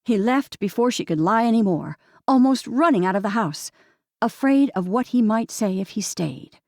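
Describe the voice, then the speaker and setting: A woman narrates an audiobook calmly and steadily. Her voice is gravelly and mellow, with a dry, close sound. She keeps an even, middle pitch throughout. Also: dry recording. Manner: calm, steady storytelling. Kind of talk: scripted narration.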